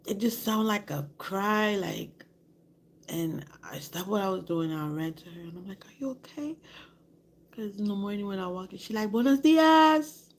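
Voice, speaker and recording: A woman's voice: mid-range voice, normal speed. A woman vlogger telling a story in a candid, rambling way, often dropping to a whisper. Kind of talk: casual storytelling to camera.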